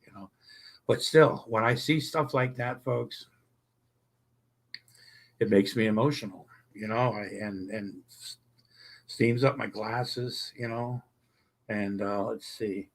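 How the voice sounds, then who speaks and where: Man, livestream host, gravelly voice, husky, rambling, swears a lot, talking from an apartment. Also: on the low side, slow, long pauses. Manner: rambling and exclamatory, swears often. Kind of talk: casual livestream chat. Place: old apartment indoors.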